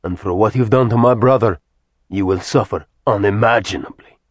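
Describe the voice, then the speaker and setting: A man's voice: lowish voice, normal speed, dry recording, lightly acted. A male narrator voicing an arrogant demon lord who makes cold, gloating threats. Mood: threatening.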